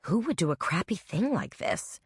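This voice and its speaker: A woman voicing a brash, sleepy young woman from New Orleans who speaks in a quiet drawl with a New Orleans accent, in an audiobook. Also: medium pitch, very animated, normal speed, breathy edge, no room sound, clean studio sound, pitched above the performer's own voice. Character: sleepy, brash Southern woman, shop owner.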